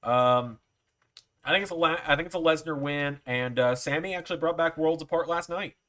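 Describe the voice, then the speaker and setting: A man's voice: a little high, brisk, fairly bright tone. A man hosting a livestream, telling a long story to his chat in a casual way, with frequent fillers and "I'm like" asides. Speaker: livestream host.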